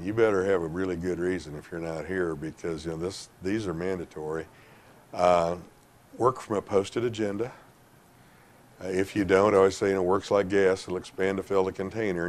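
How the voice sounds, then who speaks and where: A middle-aged man answering interview questions with folksy, emphatic advice and lots of fillers. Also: deep voice. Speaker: industry guest giving retail sales advice.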